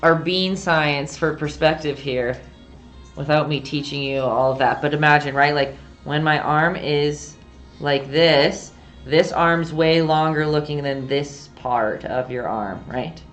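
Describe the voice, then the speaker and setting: A woman's voice: sits low, steady tone, a little slow, soft background music. A woman giving a casual, rambling live-stream painting lesson, chatty and self-deprecating, often giggling.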